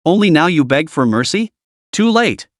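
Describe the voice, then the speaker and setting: A man's voice: on the high side, very animated, moderate pace, no echo, studio quality. A man playing a sneering bully boss. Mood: furious. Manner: shouting threats, sneering. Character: arrogant bullying male company boss.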